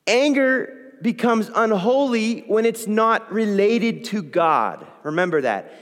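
Male preacher, sermon to a congregation; high, swooping delivery that acts out quoted prayers. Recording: long reverb in a hall.

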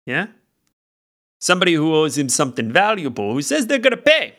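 A man voicing a gruff, businesslike lizard translator who talks bluntly in rough dockside grammar. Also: fairly high pitch, fairly bright tone, full character voice.

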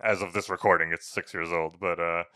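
Young male co-host, smooth resonant voice, easy laugh, casual facts-and-banter delivery. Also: deep voice, flat delivery, a little fast, pushed and bright, dry recording. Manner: chatty, reads out film facts, laughs easily. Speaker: podcast co-host. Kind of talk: casual podcast chat. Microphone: podcast microphone.

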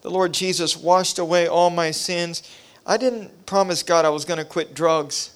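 A man's voice: a little high, fairly even intonation, moderate pace, smooth. A man preaching a revival sermon, telling his own testimony with impassioned, repetitive preacherly cadence. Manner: impassioned, rising to near shouting. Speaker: pastor.

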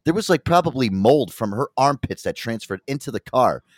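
A man hosting a talk show, telling stories in a profane, animated way. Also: medium pitch, a little fast, dry recording. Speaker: radio show host. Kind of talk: casual talk-radio banter.

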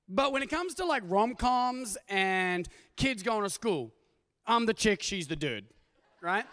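A middle-aged man, preaching a sermon as a pastor and telling stories in an animated way, acting out quoted voices. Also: high-pitched. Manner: animated storytelling with acted-out voices. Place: church auditorium. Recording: long hall reverb from a church.

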